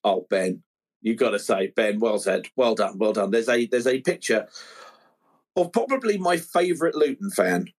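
A man's voice: on the low side, lively intonation, normal speed. A man hosting a live football fan podcast, chatting and reading out listener messages. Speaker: podcast host.

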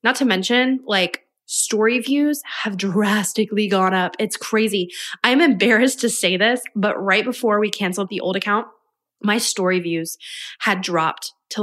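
A woman's voice: mid-range voice, moderate pace. A young adult woman, a business coach, talking casually and energetically on her own podcast. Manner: chatty, upbeat, energetic. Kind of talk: casual solo podcast talk.

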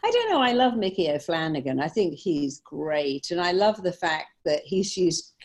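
Middle-aged woman, guest storyteller, lively and quick to laugh. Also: fairly low pitch. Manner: animated, anecdotal, laughing easily. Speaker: guest, therapist and speaker. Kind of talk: conversational storytelling.

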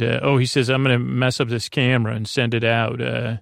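A man hosting a sleep podcast, recapping an episode in a halting, hesitant way with many pauses. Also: mid-range voice, flat delivery, creaky, no room sound, studio quality. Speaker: podcast host.

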